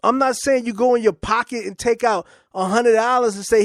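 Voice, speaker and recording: A man's voice: very high voice, moderate pace, hardly any pauses, no room sound, studio quality. A man hosting his own talk show, speaking in a casual, informal way and often repeating words as he starts a thought. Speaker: podcast host. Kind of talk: casual political monologue.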